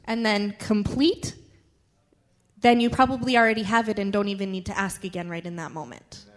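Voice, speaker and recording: A woman with kids giving an animated personal testimony to her church congregation. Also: mid-range voice. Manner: animated, quick storytelling. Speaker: church member sharing testimony.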